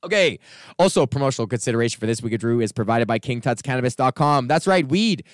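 A man hosting a comedy podcast, telling a rambling, profanity-laced story in a casual, animated way. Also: medium pitch, quick pace, no room sound, studio quality. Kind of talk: casual ranting monologue.

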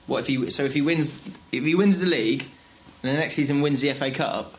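A podcast co-host with a medium-pitched voice talks briskly in a casual chat, telling animated stories and laughing his way through the anecdotes.

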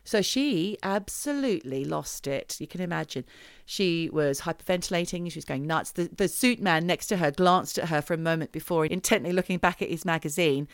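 A woman's voice: on the low side, a little fast, hardly any pauses, clear, resonant tone, dry recording, studio quality. A woman co-hosting a podcast who tells a true crime story in a chatty, dramatic way. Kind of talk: casual storytelling chat.

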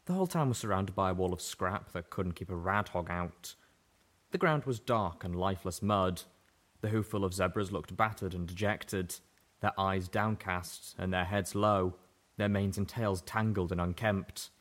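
A man narrating an audiobook in a steady first-person reading. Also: sits low, moderate pace.

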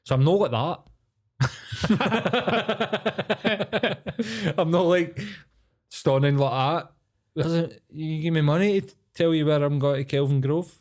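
A man's voice: fairly high pitch, moderate pace, a little mellow. Glaswegian man telling sweary stories. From Scotland. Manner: sweary, storytelling, acts out quoted voices. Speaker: podcast co-host. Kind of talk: casual chat.

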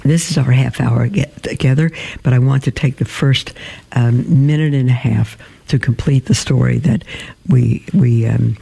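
A man's voice: mid-range voice, measured pace, creaky, warm tone, slightly rough. A middle-aged man hosting a live religious call-in radio show, talking earnestly with hesitant fillers and reading a story aloud.

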